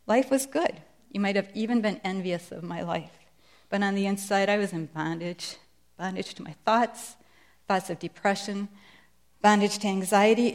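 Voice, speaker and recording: A middle-aged woman sharing a Christian testimony in a sermon, speaking with earnest, emphatic conviction. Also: medium pitch. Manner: earnest, emphatic preaching delivery.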